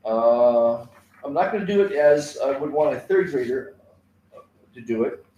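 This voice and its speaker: A man's voice: medium pitch, measured pace, dark tone, reverberant, muffled recording, a little hiss or hum. A man teaching a kindness class alone on a live stream, rambling with many fillers and repeated words.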